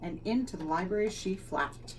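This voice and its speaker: A woman, a school leader, reading a children's picture book aloud with expressive, dramatic storytelling. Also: medium pitch, normal speed. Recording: slightly distant mic, faint noise.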